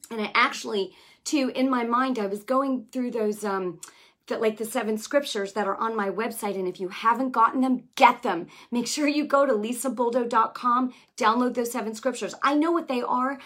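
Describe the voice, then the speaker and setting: A fervent woman speaks in a slightly higher voice, sharing a testimony with mounting conviction. She repeats key phrases for emphasis and pushes toward near-shouting before easing back into chatty asides. Her delivery stays personal and full of restarts. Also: moderate pace. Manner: conversational asides, many restarts and fillers. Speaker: Christian teacher sharing a healing testimony. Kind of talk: passionate testimony and teaching.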